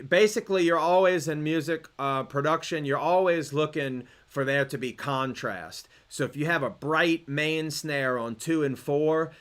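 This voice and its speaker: Smooth-voiced man teaching beat production. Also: mid-range voice. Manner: relaxed, explanatory, with fillers and restarts. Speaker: music production instructor. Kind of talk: screen-recorded tutorial.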